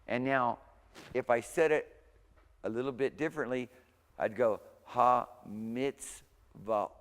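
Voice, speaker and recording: A man's voice: medium pitch, moderate pace, long reverb tail. A man giving an informal language lecture, thinking aloud and often correcting himself. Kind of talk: recorded university lecture.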